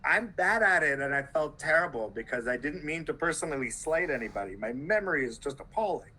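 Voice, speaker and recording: A man talking as a guest on a conversational podcast, animated and full of quick asides. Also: a little high, poor audio. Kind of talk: casual conversation.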